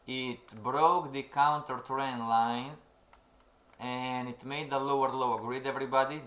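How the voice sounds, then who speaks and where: A man's voice: medium pitch, steady tone, normal speed, fairly bright tone. A man giving a live-stream trading lecture, coaxing his audience and often asking if they agree. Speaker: trading instructor. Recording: roomy echo.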